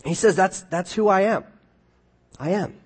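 A man preaching a conversational sermon, often restarting his phrases and swinging between quiet asides and emphatic points. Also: sits high, a little slow, husky. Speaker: pastor.

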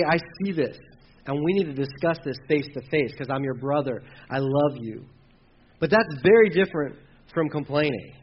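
A man preaching a sermon in a conversational, animated way, acting out the voices of people he quotes. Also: fairly high pitch, lo-fi sound, a little hiss or hum. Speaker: pastor.

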